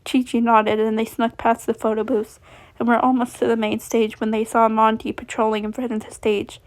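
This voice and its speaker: A woman reading a story aloud in a fairly high voice, steady and plain, often stumbling and restarting words. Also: moderate pace. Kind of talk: reading fan fiction aloud.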